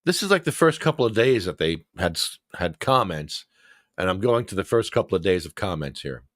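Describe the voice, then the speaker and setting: Animated man chatting to his viewers. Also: sits low, brisk, no echo, studio quality. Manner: animated, talks back to what he reads. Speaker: show host. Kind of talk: casual livestream commentary.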